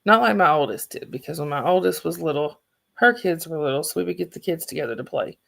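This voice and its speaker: This livestream host is a woman with a Southern accent whose low voice carries vocal fry. She talks fast, rambling casually with viewers and frequently starting sentences over.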